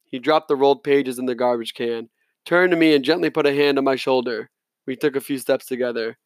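An audiobook reader, a man with a medium-pitched voice, narrates a first-person novel at a brisk pace. He reads plainly, with the occasional slip and restart. The studio recording is clean, with no room sound.

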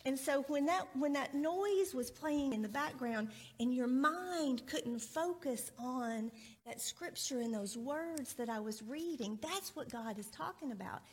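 A woman's voice: high voice, lively intonation, measured pace, breathy edge. A woman in a church sanctuary giving a children's sermon, friendly and asking the children many questions. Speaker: children's minister.

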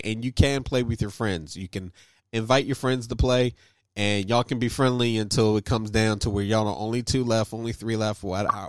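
A man co-hosting a casual gaming podcast, animated and laughing often, his voice jumping high when excited. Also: no room sound. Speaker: podcast co-host.

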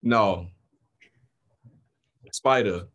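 A man's voice: lowish voice, extremely slow, fairly bright tone, highs cut off. A man with a New York accent in casual chat, blunt and profane, telling stories animatedly.

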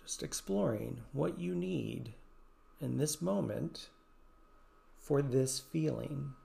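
A man with a gravelly, mellow voice leads a guided meditation. He speaks softly and slowly, leaving long, unhurried pauses between phrases. His steady middle pitch stays gentle throughout. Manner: soft-spoken, slow and gentle with long pauses. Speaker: yoga and meditation teacher, podcast host.

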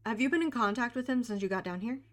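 A woman's voice: fairly high pitch, quick pace, voice pushed up, natural voice. A woman voicing a young, bossy, exasperated adventurer in a tabletop game. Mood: urgent.

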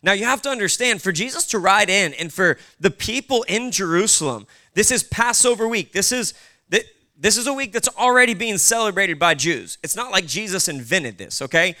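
A man's voice: sits high, lively intonation, moderate pace, pushed and bright. A male pastor preaching casually, with conversational asides to the congregation. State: short on sleep. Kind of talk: sermon.

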